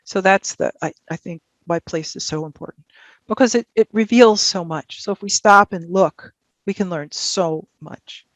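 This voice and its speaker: A woman in her seventies joins a video call as a guest from her home office, rambling and thinking aloud with lots of fillers and restarts during conversation and audience Q&A. Her voice is fairly low at a moderate pace, with no room sound.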